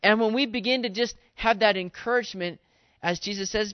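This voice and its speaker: A man, a pastor, giving a conversational sermon, animated and casual with slangy asides. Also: high-pitched, fairly quick, clear, resonant tone, dry recording, muffled recording.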